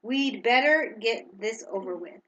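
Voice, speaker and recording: Elderly wizard, calm, measured, gentle, woman reading aloud, storybook, higher voice. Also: lo-fi sound. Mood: solemn.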